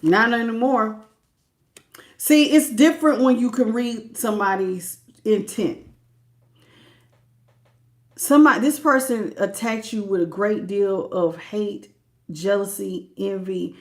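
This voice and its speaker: A woman giving a live tarot reading, animated and preachy, often repeating herself and laughing between greetings. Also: medium pitch, takes it slowly, pauses often. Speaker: tarot reader.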